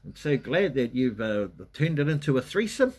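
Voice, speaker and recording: A man's voice: medium pitch, big pitch swings, moderate pace, darkish tone. A man hosting a casual livestream, chatting in a rambling way and greeting viewers by name. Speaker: livestream host. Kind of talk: casual live chat. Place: at home in Western Australia.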